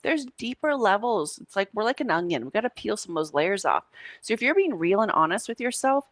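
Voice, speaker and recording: A woman's voice: mid-range voice, sing-song, quick pace, fairly bright tone, dry recording, studio quality. A woman teaching a coaching class, talking casually and telling stories to her students. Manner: casual, storytelling, says y'all. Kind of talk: live coaching class talk.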